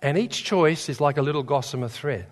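A man's voice: a little high, expressive, a little fast. A man preaching a sermon in a church, telling stories with humor and building to fervent emphasis. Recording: long reverb in a large hall.

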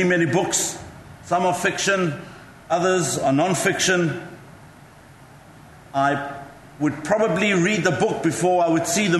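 A man's voice: high-pitched, a bit bright, a little hiss or hum. A male pastor preaching a sermon, telling chatty, self-mocking stories to the congregation. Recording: echoey hall with faint ambience.

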